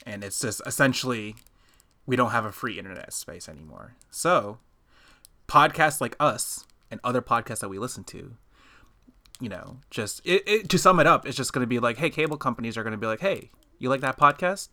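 Man, podcast co-host, bright voice, loose chatty delivery, laughs a lot. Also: mid-range voice, fairly quick. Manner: laughs often, animated storytelling with quoted asides. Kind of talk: casual chat.

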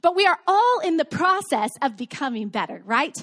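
A woman's voice: sits high, very animated, moderate pace, fairly bright tone. A woman in her thirties preaching a sermon to her congregation in a conversational way, telling stories and asking rhetorical questions. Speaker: pastor. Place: church sanctuary with congregation.

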